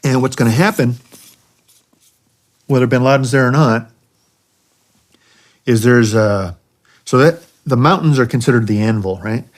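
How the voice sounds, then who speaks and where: A man's voice: medium pitch, a little slow, pauses often. A middle-aged man from the United States, a retired army helicopter pilot, casually telling war stories and often checking in with a questioning "right?". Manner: relaxed, tags points with a questioning "right?". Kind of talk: casual storytelling in a conversation.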